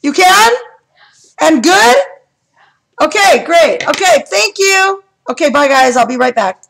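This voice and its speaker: A woman hosting a coloring channel, talking in a chatty and excitable way while she sets up a live stream at home and asks lots of questions. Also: extremely high pitch, slow pace, gravelly, low-quality recording. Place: home room with bright lights.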